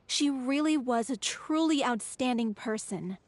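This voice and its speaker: A kind young woman from a theatre troupe speaks gently and fondly. Her voice sits high and soft. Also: animated, measured pace, a little hiss or hum. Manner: gentle, fond. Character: kind, nostalgic young female troupe member. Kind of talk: video game voice acting.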